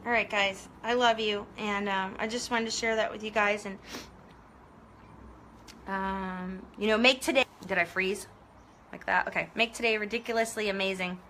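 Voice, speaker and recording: A woman's voice: mid-range voice, fairly even intonation, normal speed, pushed and bright, a little hiss or hum. A woman hosting a casual live video, talking earnestly and motivationally while chatting with her viewers. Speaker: online business coach.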